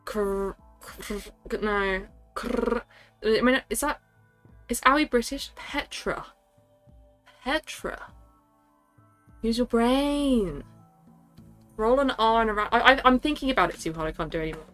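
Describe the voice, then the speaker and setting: A woman's voice: a little high, expressive, normal speed, a bit bright, soft background music. A woman streaming live, chatting casually with a scattered, self-interrupting manner and frequent laughter. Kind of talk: casual livestream chat.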